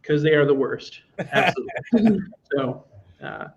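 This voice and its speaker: A man's voice: on the high side, huge pitch swings, moderate pace, gravelly. A man from Indiana hosting a comedy show, chatting casually with a guest and rambling with plenty of fillers. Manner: rambling, lots of fillers, laughs easily. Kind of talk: casual chat with a guest comic. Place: Twin Cities, on a video call. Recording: muffled video call audio with faint noise.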